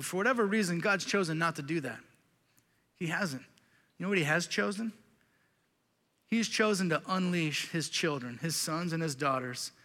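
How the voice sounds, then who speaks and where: A middle-aged male pastor preaching a sermon in a church sanctuary, earnest and confessional, rising to loud emphasis and dropping to quiet intensity. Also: a little high, long reverb tail.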